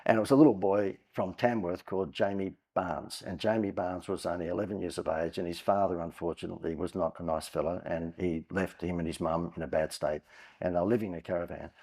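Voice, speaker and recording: A man's voice: low-pitched, fairly even intonation, brisk, a little mellow. A man, a guest on a podcast, telling long anecdotes in a chatty way with frequent "uh" fillers. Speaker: guest entrepreneur. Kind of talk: conversational storytelling.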